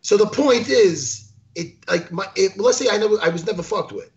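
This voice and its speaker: Podcast co-host, male, high and very lively voice with gravelly fry, rambling casual delivery, lo-fi sound. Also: moderate pace. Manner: animated, rambling, swears casually. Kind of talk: casual chat.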